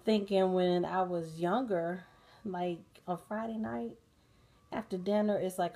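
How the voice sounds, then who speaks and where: A sleepy woman hosting a relaxed bedtime chat, talking casually with lots of fillers and laughs. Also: fairly low pitch, normal speed. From United States. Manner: relaxed, chatty, laughing often, many fillers. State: sleepy and tired. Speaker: host of a bedtime talk channel. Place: dim bedroom at night, soundscapes playing.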